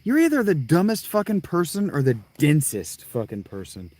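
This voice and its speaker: This man's voice sits on the high side and swoops wildly in pitch, a little mellow, at a normal speed. He's a let's play streamer in a tent, wearing a clip-on mic, cursing a lot and muttering to himself as he rambles about the game.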